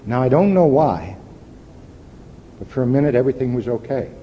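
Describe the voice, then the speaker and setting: A man's voice: lively intonation, normal speed. An older man speaking at a recovery meeting, giving a plain-spoken, wry and candid personal testimony. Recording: lo-fi echoey hall with faint rumble.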